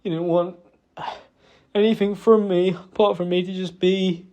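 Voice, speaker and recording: Young man, tearful apology, halting and self-blaming, high mellow voice. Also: fairly even intonation. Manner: halting, self-reproachful, hesitant with many fillers. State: emotional, close to tears. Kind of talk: emotional personal apology. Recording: dull lo-fi recording.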